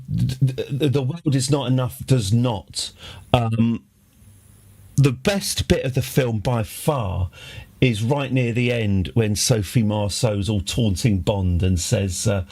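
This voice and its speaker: A man's voice: medium pitch, slow pace, a little mellow, slightly rough. Rambling, wry male streamer. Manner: rambling, many restarts and fillers, wry. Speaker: game streamer. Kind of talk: casual live-stream chat.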